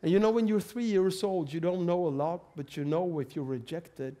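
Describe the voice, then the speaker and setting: High-voiced Swedish-accented preacher. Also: male voice. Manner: earnest storyteller, often drops to a softer, slower voice. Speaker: pastor. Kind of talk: sermon storytelling.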